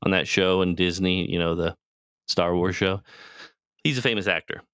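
A man's voice: low-pitched, steady tone, normal speed, fairly bright tone, smooth, no room sound, studio quality. A man co-hosting a podcast, casually retelling a TV show in a rambling, profane way and acting out the characters' lines. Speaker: podcast co-host.

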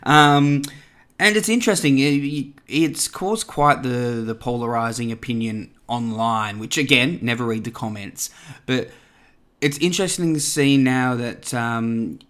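A man's voice: mid-range voice, a little slow, a bit bright, clear, resonant tone. A man chatting casually as a podcast host, rambling through asides with lots of ums and restarts. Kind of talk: casual solo podcast talk.

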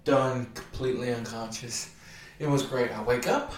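A man's voice: medium pitch, steady tone, moderate pace, roomy sound. Wry man rambling through a story. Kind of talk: casual personal anecdote.

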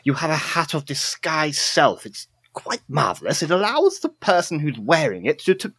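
A man's voice: a little high, very animated, moderate pace, a bit bright, slightly rough, no room sound, pitched above the performer's own voice, exaggerated voice. A man voicing a fussy, verbose male halfling scholar who rambles, stammers and talks formally in a tabletop game. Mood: explaining.

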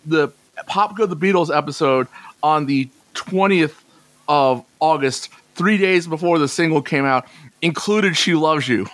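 A man's voice: a little high, measured pace, fairly bright tone, dry recording. A man hosting a podcast, chatting enthusiastically and wondering aloud. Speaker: podcast host. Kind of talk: casual podcast chat.

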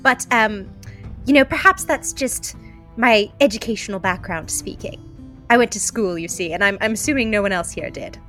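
A woman's voice: medium pitch, moderate pace, sharp tone, soft background music, close to an everyday voice. A woman voicing a haughty, educated female elf adventurer in a snooty, condescending tone.

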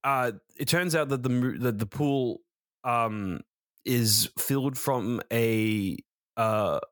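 A man's voice: mid-range voice, takes it slowly, a bit bright, dry recording, studio quality. A man co-hosting a podcast, reviewing films in a rambling casual chat, correcting himself and swearing freely. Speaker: podcast co-host, film reviewer.

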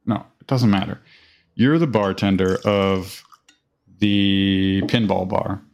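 A man's voice: low-pitched, fairly even intonation, slow, a little mellow. Profane, rambling man telling a story. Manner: profane, rambling anecdote with quoted voices. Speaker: podcast host. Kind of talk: casual storytelling chat.

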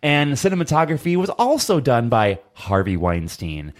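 A man's voice: medium pitch, sing-song, moderate pace. A man co-hosting a casual horror podcast, reading out film details with joking asides. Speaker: podcast co-host. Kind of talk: casual chat.

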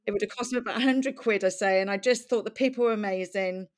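A woman's voice: medium pitch, quick pace. Chatty middle-aged Welsh-born woman. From Wales. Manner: chatty, candid, laughs often. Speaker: guest. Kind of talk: conversational storytelling.

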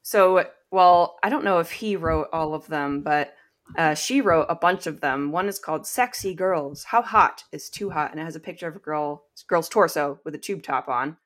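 A woman's voice: sits low, moderate pace. A woman hosting a podcast, reading aloud from a book with wry asides and frequent laughs. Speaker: podcast host.

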